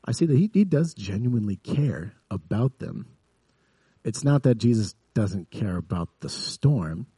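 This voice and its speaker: A man preaching a sermon in an earnest way, building up to vivid emphasis and then dropping soft. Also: on the low side, lively intonation, measured pace, breathy edge, no echo. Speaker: pastor.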